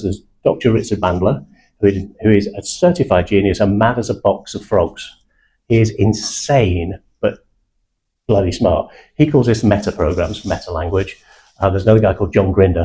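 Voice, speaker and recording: A man runs a sales training session, talking bluntly and confidently. His low, warm voice carries British slang. A faint room ambience sits underneath. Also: slight background noise, low-quality recording. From England (South Manchester). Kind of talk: live sales training talk.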